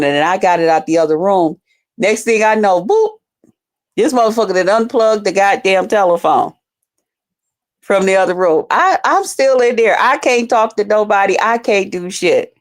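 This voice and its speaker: A woman telling a story to her viewers in a casual vlog, cursing freely and calling them y'all. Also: on the low side. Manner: profane, animated, addresses viewers as y'all. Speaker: YouTuber telling stories to viewers.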